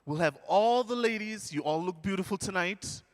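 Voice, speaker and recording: A man from Fiji, leading a live audience through a call-and-response lesson on stage with an energetic, coaxing manner. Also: high voice, normal speed. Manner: energetic, coaxing, counts the crowd in. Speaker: stage presenter teaching an audience. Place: large indoor hall, live event. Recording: echoey large hall.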